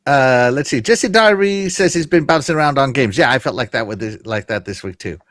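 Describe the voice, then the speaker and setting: A man's voice: mid-range voice, lively intonation, brisk, fairly bright tone, dry recording, clean studio sound. A man hosting a podcast, casually chatting and reading chat messages aloud with frequent laughter. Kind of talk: casual live-stream chat.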